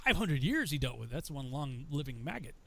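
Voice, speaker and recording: A man from Massachusetts telling a story in casual conversation, animated and laughing often as he acts out the people in it. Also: medium pitch, brisk, vocal fry, no room sound.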